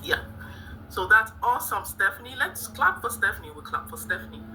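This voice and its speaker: Bright-voiced woman teaching phonics. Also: medium pitch, very animated, brisk, a little hiss or hum, poor audio. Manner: cheerful, praising, sounding out letters. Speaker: teacher trainee. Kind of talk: demonstrating a classroom phonics lesson.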